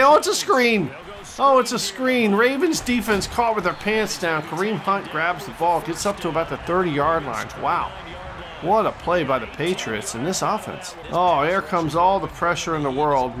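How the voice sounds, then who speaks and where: A man doing excitable mock play-by-play commentary over a football video game, bursting into loud exclamations on big plays and tossing in cheeky asides. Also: on the high side. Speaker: gaming channel host. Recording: game music playing behind the voice.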